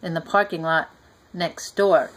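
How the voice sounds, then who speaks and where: Woman, reading a storybook aloud to a child, gentle, talks to the listener, unhurried. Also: fairly low pitch, fairly even intonation, a little hiss or hum, poor audio. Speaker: reader.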